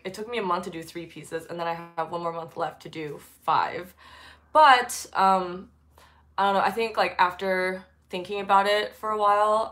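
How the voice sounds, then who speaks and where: A woman's voice: fairly low pitch, a bit bright. A woman hosting a casual livestream from her art studio on her phone, sounding congested from allergies and chatting with lots of fillers. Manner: chatty with frequent fillers and giggles. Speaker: artist livestream host.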